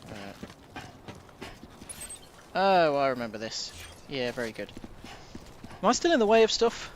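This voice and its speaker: A man's voice: medium pitch, sing-song, measured pace, slight background noise. A man giving casual let's-play commentary as a gameplay streamer, making wry, joking asides.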